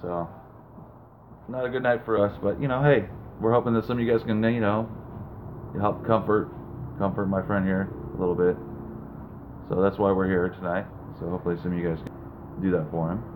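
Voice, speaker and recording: A man talks loosely and rambles as he hosts a live call-in chat, filling gaps with fillers. His voice sits on the low side. The sound is thin and phone-like, with steady noise behind him. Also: brisk, pauses often. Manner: laid-back, rambling, fillers. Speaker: live show host. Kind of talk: casual live-stream chat.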